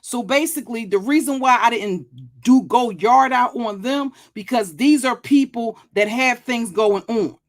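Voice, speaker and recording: Older woman, pitch a bit high, profane, threatening, restarts and stammers. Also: unhurried. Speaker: YouTube commentary channel host. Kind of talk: blunt monologue vlog.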